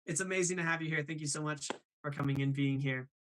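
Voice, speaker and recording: A man hosting a casual live stream, animated and reading chat messages aloud. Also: fairly high pitch, fast talker, slight background noise. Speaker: host of a live stream show.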